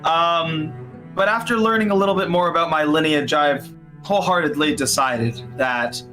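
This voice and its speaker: Man, tabletop player, hesitant in-character talk, bright tone, faint music underneath. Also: on the high side. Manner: hesitant, halting. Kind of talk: in-character role-play.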